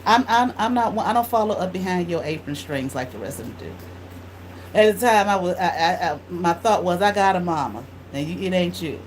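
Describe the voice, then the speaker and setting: A woman tarot reader telling a blunt, animated story in casual speech, swearing freely. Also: on the low side, moderate pace, slight background noise, low-quality recording.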